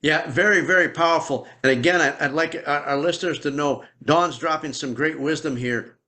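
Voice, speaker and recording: Bright-voiced man hosting a podcast. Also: fairly high pitch, moderate pace. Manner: affirming, explains to listeners. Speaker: podcast host. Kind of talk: podcast interview.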